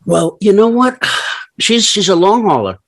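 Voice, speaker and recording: Older man with a lively, ranting voice. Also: high-pitched, measured pace. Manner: animated storytelling, mock ranting, swears. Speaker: podcast co-host. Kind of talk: casual chat.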